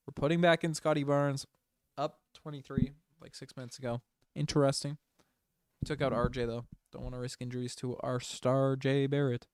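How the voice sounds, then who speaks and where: A man giving casual, partisan play-by-play on a fan livestream, moving from low mutters to loud excited shouts. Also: moderate pace, clear, resonant tone, no echo, clean studio sound. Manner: excitable, swings from mumbling to shouting. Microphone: desk microphone.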